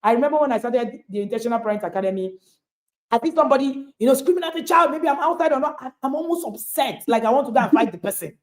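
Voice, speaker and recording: Speaking quickly in a high, expressive voice, a woman who works as a parenting coach motivates listeners over a video call. She's emphatic and leans on rhetorical questions.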